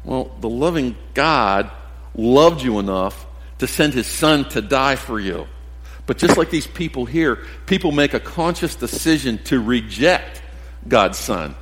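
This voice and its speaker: A man's voice: mid-range voice, lively intonation, a little slow, slight background noise. Brief: man preaching a sermon, restarts and repeats phrases, long church-hall reverb. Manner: repeats words and restarts phrases, direct address to the congregation.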